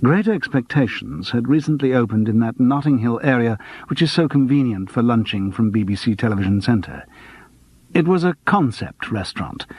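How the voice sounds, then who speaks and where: Measured male audiobook narrator. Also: mid-range voice, a little mellow, breathy edge, dry recording. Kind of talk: scripted narration.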